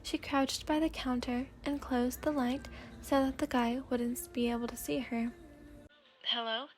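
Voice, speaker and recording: Casting: woman narrator, gentle soft ASMR fanfic reading, slightly high voice. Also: steady tone, moderate pace.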